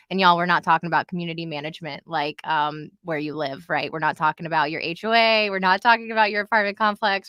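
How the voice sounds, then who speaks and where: A woman's voice: medium pitch, pushed and bright, no room sound. A woman hosting a live stream from home, chatty and upbeat, calling the viewers y'all. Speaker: host of a live show. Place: home in Florida.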